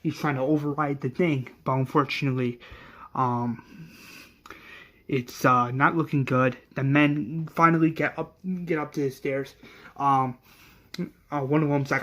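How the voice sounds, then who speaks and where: A man's voice: mid-range voice, fairly even intonation, unhurried, long pauses, a bit bright. A man casually retelling the plot of his fan series, rambling with many fillers and restarts.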